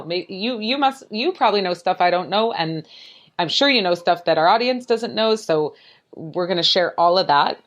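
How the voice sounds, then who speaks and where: A woman hosting a podcast interview, bubbly and exclamatory, her voice leaping up in pitch as she gets excited. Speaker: podcast host. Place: apartment in a city, children outside.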